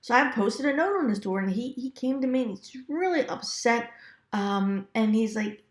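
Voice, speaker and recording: A woman's voice: on the high side, lively intonation, moderate pace, echoey room. A woman telling real estate stories in a casual, chatty way, laughing often and acting out quoted asides. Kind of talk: casual storytelling to camera.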